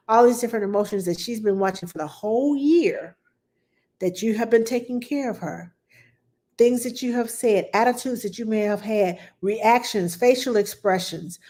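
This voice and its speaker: A woman at middle pitch, speaking as a nanny taking viewer questions about babies. She is casual and reassuring, stressing points with a run of "yes." She acts out baby sounds and her own quoted lines with lively energy. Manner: reassuring, repeats "yes" for emphasis. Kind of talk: casual Q&A talk.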